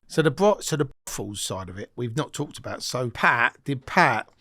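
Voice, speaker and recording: A man's voice: medium pitch, very animated, normal speed, bright, forceful tone, no echo. Dry-sounding joking male interviewer. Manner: affirming, joking and prompting. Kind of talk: casual interview chat.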